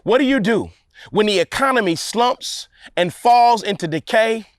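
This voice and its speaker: Lively high-voiced preaching man. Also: no room sound, studio quality. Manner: preaching with call-and-response repetition and dramatic pauses. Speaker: pastor. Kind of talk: sermon.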